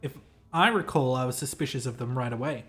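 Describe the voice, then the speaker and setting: A man's voice: mid-range voice, fairly quick, a bit bright, close to an everyday voice. A man voicing a pompous, self-important male hotel clerk in a game, reading the lines aloud in a formal, fussy, theatrical manner.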